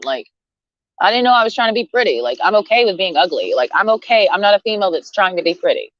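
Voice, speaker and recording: A woman's voice: on the low side, dry recording, highs cut off. A woman ranting bluntly and profanely in a rambling, casual way to camera. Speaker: vlogger.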